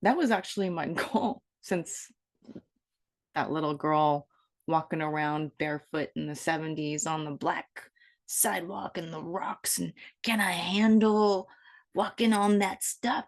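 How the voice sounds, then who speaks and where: Woman, 50s, for an off-the-cuff vlog: a slightly low voice with lots of lively movement, meandering and self-mocking. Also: normal speed. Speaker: vlogger. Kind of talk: improvised rambling monologue.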